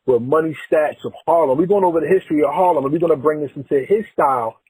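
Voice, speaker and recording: Podcast host dude, hyped, reeling off names, raspy highish voice, dry sound. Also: male voice, quick pace, darkish tone, no echo, rough recording. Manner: enthusiastic, runs through lists of names. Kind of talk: casual conversation.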